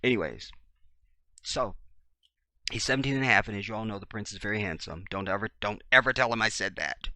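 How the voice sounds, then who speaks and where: A man, talking to his viewers in an animated monologue and acting out the voices of the people in his stories. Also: on the low side, a little fast, no room sound. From Chicago, USA. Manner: animated storyteller, acts out dialogue, swings loud and soft. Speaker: video blogger. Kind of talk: casual monologue to camera.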